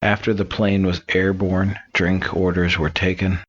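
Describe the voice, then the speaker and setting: A man with a very low voice tells jokes in a loose, rambling way, sliding in fillers between lines. The recording sounds muffled and lo-fi. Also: unhurried, husky. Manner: relaxed, rambling storytelling with fillers. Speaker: joke teller. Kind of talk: reading and telling jokes.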